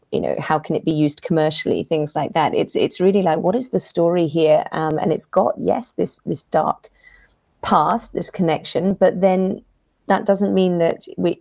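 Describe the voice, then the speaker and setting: A woman's voice: low-pitched, vocal fry, dark tone, no echo. A woman talking as a guest in a casual livestream discussion, thoughtful, with many fillers and restarts.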